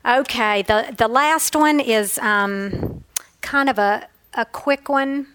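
A woman's voice: a little high, slow, fairly bright tone, slight background noise, rough recording. A woman giving an earnest, emotional devotional Bible teaching, telling stories from her own life.

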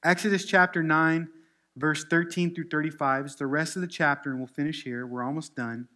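Guy pastor preaching, kinda high voice, chatty jokes then loud bible reading. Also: steady tone, fairly quick. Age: adult. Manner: reads scripture aloud with rising force; conversational asides with self-deprecating humor. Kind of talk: sermon.

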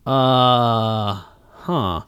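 A man's voice: mid-range voice, very slow, fairly bright tone, smooth. Hesitant man guest on a podcast. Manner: hesitant, self-deprecating, many fillers. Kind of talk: casual chat.

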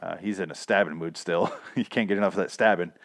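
A man's voice: deep voice, fairly even intonation, fast talker, gravelly, a bit bright, no room sound, clean studio sound. A man casually recapping a TV episode, rambling and profane, laughing at his own asides.

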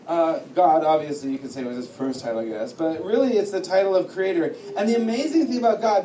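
A high-voiced man delivers a lively sermon, teaching through his own story with humor and acting out other people's lines. The mic sounds distant in an echoing hall, with noticeable noise underneath.

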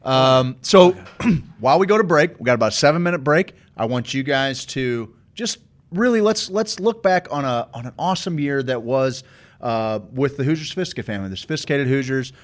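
A man's voice: medium pitch, expressive, brisk. A man hosting a talk show, casual and profane, reading sponsor spots and inviting listeners to text in. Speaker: host.

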